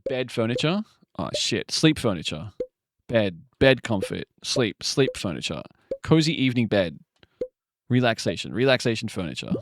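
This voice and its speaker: A man streaming a word game live, muttering guesses to himself with sudden excited outbursts. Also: on the low side, moderate pace, no echo, studio quality.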